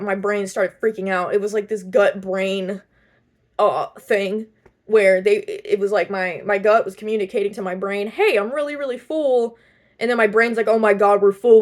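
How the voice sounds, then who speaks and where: A chatty young woman talks straight to her camera in a loose vlog style. Her voice sits at an ordinary middle pitch. She rambles through fillers and restarts, breaking into laughter now and then. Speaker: vlogger. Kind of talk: casual chat.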